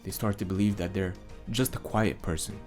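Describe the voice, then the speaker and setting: Emphatic low-voiced male voice coach. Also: fairly even intonation, brisk, darkish tone, soft background music. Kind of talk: scripted teaching monologue.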